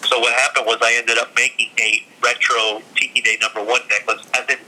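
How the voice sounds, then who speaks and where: A middle-aged man, a podcast guest, telling a story in casual chat and acting out every quoted voice in animated bursts. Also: medium pitch, a little fast, poor audio.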